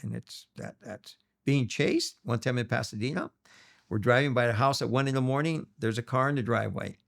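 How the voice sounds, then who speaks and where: A man's voice: medium pitch, a little fast, creaky. A middle-aged man from Los Angeles, telling stories as an interview guest and acting out the voices of people he quotes. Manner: animated storyteller, acts out quoted voices. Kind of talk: storytelling interview.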